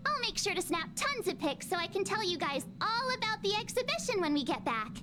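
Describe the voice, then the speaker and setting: An eager young game companion. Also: female voice, very high voice, big pitch swings, a little fast. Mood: playful. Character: eager young woman travel companion, upbeat. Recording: game audio with music behind.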